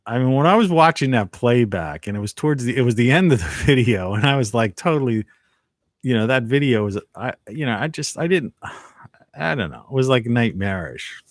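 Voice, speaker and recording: A man's voice: medium pitch, lively intonation, moderate pace, no echo, clean studio sound. A man hosting a casual live stream from home, rambling and reflective, often trailing off mid-thought. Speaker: live video host.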